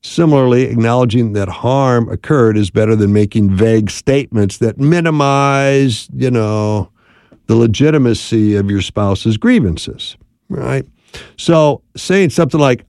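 A man gives an instructional talk on apologies in marriage, keeping it conversational and often using tag questions. His mid-range voice is a little slow and a little mellow. The sound is clean studio quality with no echo.

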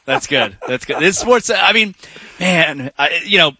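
A man hosts sports radio with a bright, forceful voice. He talks casually and wanders into quick asides. The sound is close and dry, with no room around it. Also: fairly high pitch, lively intonation, husky, no room sound. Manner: conversational, trails into quick asides. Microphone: studio microphone.

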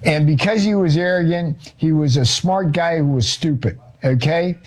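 A male author and economist, a guest on a talk show, telling an animated story and acting out quotes, with casual swearing. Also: fairly high pitch, moderate pace.

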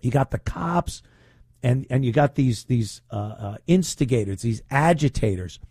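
A man's voice: medium pitch, lively intonation, normal speed, mellow, breathy edge, no room sound, clean studio sound. A man hosting talk radio, speaking in a mocking, opinionated way. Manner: mocking, puts on whiny voices to ridicule. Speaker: radio talk show host.

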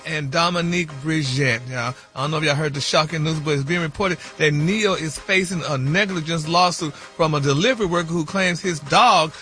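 A flamboyant man reads celebrity gossip on a radio morning show, sing-song and full of y'all and honey. His voice is high and bright, with soft music behind.

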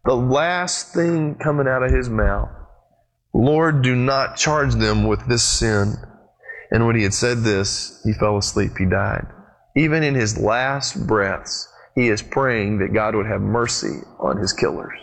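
Animated man preaching a sermon. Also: unhurried, vocal fry. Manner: animated storytelling with big pitch swings; addresses the congregation directly. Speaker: pastor.

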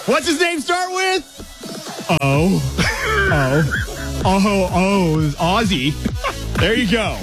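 High lively male guest on sports radio, laid back and jokey, music bed clearly under it. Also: extremely slow, long pauses. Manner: easygoing, self-deprecating, jokey. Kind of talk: casual sports radio banter.

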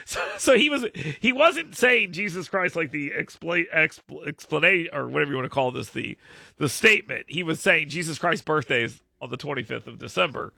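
A man in his thirties hosts a loose, chatty talk show in a rambling, self-mocking way. His slightly high voice has a gritty, fried edge and a very bright, sharp tone. The sound is close and dry. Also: expressive, fairly quick, gravelly, no echo. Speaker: radio show host. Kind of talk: casual chat with co-hosts.

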